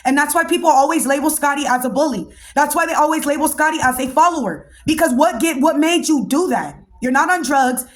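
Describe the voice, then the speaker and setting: A woman in her thirties with a high voice, talking quickly as she recaps a reality show for her podcast. She is blunt, animated and full of slang, keeping up a casual, opinionated flow. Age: 30s. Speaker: podcast host.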